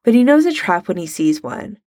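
A woman narrating a fan fiction story aloud in a steady, measured reading. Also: mid-range voice, no echo, studio quality.

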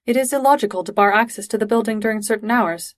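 A literal-minded young alien boy states his logic flatly and plainly, as a woman reads him. The pitch is mid-range and the sound is dry. There is no warmth or fuss in his tone. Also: fast talker, no room sound, natural voice. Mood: matter-of-fact.

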